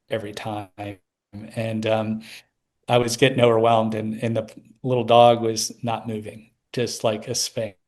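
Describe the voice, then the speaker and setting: A man's voice: medium pitch, a little mellow. A middle-aged man telling a personal story as an interview guest, rambling with many restarts.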